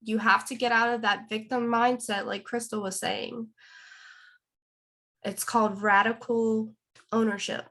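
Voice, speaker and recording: A woman's voice: a little high, flat delivery, a little slow, long pauses, a bit bright. A woman giving an earnest motivational talk to her team on a call, a bit nervous. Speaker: guest speaker on a team call.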